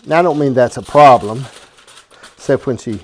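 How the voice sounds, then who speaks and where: Here a man of medium pitch and moderate pace chats casually to camera while hosting a cooking show in his own kitchen. He jokes with the person filming, folksy throughout, with a habit of asking "okay?".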